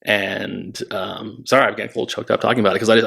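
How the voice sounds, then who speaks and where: A man with a fairly low voice recounts his time as a treatment center staff member. He speaks candidly and reflectively. He halts often and restarts his sentences. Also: steady tone, creaky, pushed and bright. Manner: halting, reflective, many restarts. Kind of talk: candid conversational storytelling.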